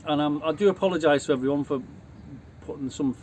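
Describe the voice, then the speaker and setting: Bantering Scouse man, higher voice. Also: quick pace, a little mellow, a little hiss or hum. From Liverpool. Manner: banters and mimics accents. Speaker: co-host of a chat stream. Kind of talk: casual chat. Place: outdoors at sunset.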